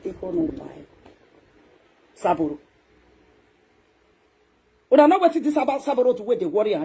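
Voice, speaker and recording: A woman with a Nigerian accent, a social media talk show host delivering a scolding, ranting monologue that swings between loud outbursts and hushed muttering. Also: lowish voice, slightly rough.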